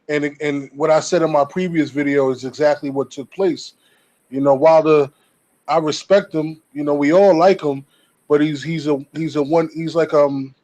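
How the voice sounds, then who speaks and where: A man's voice: fairly high pitch, a little mellow. A man calling in to a casual boxing debate, talking with many fillers and restarts. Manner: hesitant, fillers, repeats himself. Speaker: caller giving boxing take. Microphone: remote call.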